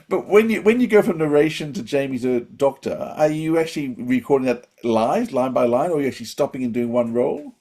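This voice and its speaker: A man hosting a podcast, asking questions in a friendly, slightly halting way. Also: mid-range voice, expressive, a little mellow. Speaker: podcast host. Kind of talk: casual interview.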